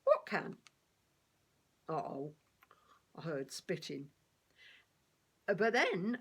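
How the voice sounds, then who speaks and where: A woman's voice: lowish voice, fairly bright tone, heavily acted. A woman doing a wry blind beggar man. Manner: rough-spoken, colloquial storytelling. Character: streetwise blind male beggar, blunt and wry.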